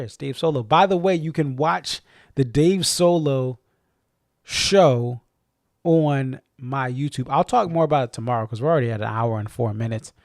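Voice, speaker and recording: A man with a slight Boston accent hosts a casual live-stream chat, rambling and correcting himself as he goes. His medium-pitched voice is a little mellow at normal speed, in a dry, clean studio recording.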